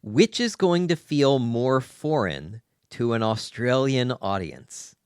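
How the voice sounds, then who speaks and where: A man's voice: mid-range voice, lively intonation, slow pace, darkish tone, clear, resonant tone, no room sound, clean studio sound. An American man hosting a casual discussion, asking long, articulate questions. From United States. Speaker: host.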